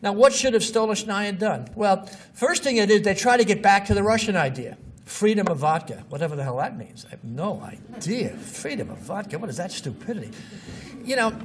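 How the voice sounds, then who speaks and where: A man with a notably high voice gives a casual lecture with blunt, scoffing asides. He sits some distance from the mic, and a faint hiss runs under the recording. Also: lively intonation, a little fast. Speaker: marketing lecturer. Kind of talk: informal lecture with examples.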